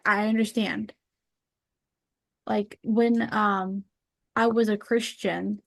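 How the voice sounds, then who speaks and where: A woman in casual podcast chat, earnest and emotional, talking in halting bursts with fillers. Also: mid-range voice, no room sound, clean studio sound.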